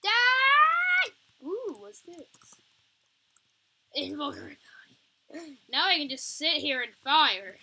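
A woman's voice: high voice, lively intonation, a little slow, long pauses, background noise. A young woman commenting on a zombie video game as she plays, taunting the enemies in a playful way. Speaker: gamer. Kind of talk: gameplay commentary.

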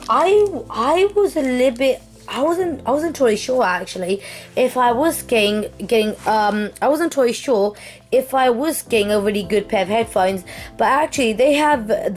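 A young woman streamer chatting casually through an unboxing, excitable and apologetic, with many fillers and restarts. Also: a little high. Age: young adult. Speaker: gaming streamer.

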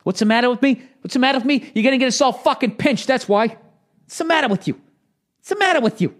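Guy doing a screaming mob boss, high strained yelling, real angry. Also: expressive, fast. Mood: furious yelling. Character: screaming mobster boss, menacing, furious.

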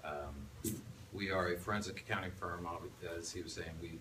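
A man's voice: deep voice, steady tone, quick pace. A man introducing himself and his firm at a conference lunch, in a plain, matter-of-fact way. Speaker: presenter. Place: restaurant function room. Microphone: phone on tripod across the room. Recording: echoey distant phone recording with room noise.

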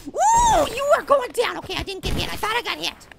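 A tiny male cartoon apple giving game commentary in a very high, squeaky voice with a gravelly edge. He hops wildly up and down in pitch and flares up at his opponent. The recording carries clear background noise. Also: huge pitch swings, brisk, exaggerated voice. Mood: excited. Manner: squeaky, easily riled, shouting at opponent. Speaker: let's play gamer. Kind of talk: gameplay commentary.

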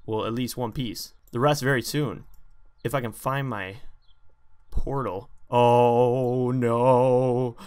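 Excitable man narrating his gameplay. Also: mid-range voice, unhurried, long pauses. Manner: excitable, jumpy, talks straight to viewers. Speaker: gaming channel host. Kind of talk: let's play commentary.

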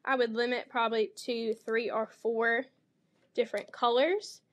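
A woman's voice: fairly high pitch, little pitch movement, unhurried. A woman teacher demonstrating a read-aloud lesson for young children, explaining each step and voicing the animal sounds with expression.

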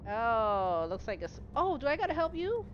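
Streaming a game live, a middle-aged woman talks at normal speed in a fairly high voice, greeting viewers by name, chatting casually, and laughing a lot. Her home setup gives slightly dull audio with a steady background noise.

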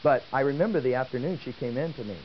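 A man giving a lecture and telling a story, talking in an animated way and asking the audience questions. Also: mid-range voice, fast. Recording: dull old tape with faint hiss.

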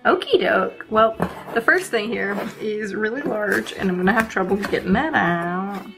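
A young woman hosting her art channel, chatting casually and excitedly as she unboxes art supplies. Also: medium pitch, measured pace, gravelly, over music. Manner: bubbly, excitable, giggly.

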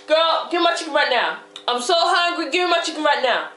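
A woman's voice: sits high, animated, brisk, pushed and bright, reverberant, pitched above the performer's own voice. A woman playing a sassy, streetwise young woman who is brash and threatening. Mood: angry threatening.

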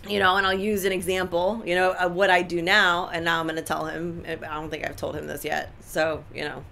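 A woman co-hosting a talk show, giving relationship advice in an animated, emphatic way with lots of repetition. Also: fairly low pitch, a little fast, vocal fry, slight background noise. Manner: animated, emphatic, repeats points. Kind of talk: casual advice chat.

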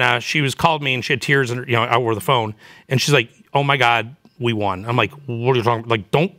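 Bright-voiced, animated man telling stories. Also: medium pitch. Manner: animated, candid storytelling with many fillers. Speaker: chief marketing officer, guest. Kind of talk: casual interview talk.

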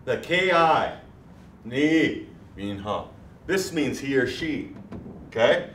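A man teaching a language class, saying words slowly and clearly so the students can repeat them. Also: mid-range voice, expressive, a bit bright. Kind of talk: classroom lesson. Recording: echoey room, mic far off, faint noise.

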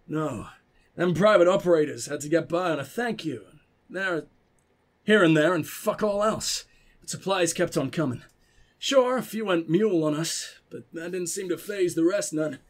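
A man voicing a weathered old southern backcountry loner, speaking in a slow, folksy drawl with rural grammar. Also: fairly high pitch, voice pushed down.

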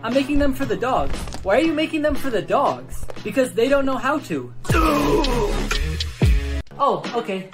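A woman's text-to-speech voice, fairly high and very lively in pitch, reads quick joke skits and voices every character the same way. Music plays clearly behind her. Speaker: narrator reading joke skits. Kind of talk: text-to-speech storytime narration.

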